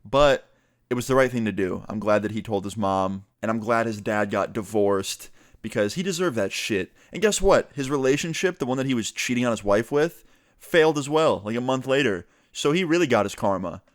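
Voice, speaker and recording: A young man telling a story on his vlog in a casual, animated way, swearing freely and raising his voice to act out what others said. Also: medium pitch, fairly quick, no room sound, clean studio sound. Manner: animated, swearing, acts out quotes in raised voice. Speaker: vlogger telling a story time.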